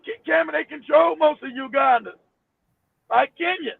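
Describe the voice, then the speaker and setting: High gravelly guy ranting, swearing a lot, sounds like a tinny phone line. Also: normal speed, no echo. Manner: loud, animated, profane ranting. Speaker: co-host. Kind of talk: casual chat.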